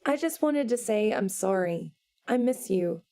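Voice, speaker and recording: A woman reading an audiobook voices a tender young woman, pleading softly and a little higher than her narration. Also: lively intonation, measured pace. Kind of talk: audiobook character voice.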